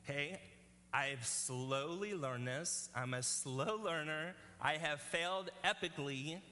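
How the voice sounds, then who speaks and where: A man's voice: a little high, slow pace, sharp tone, big-room sound. A male pastor preaching a sermon in an earnest, conversational way, often checking in with the congregation.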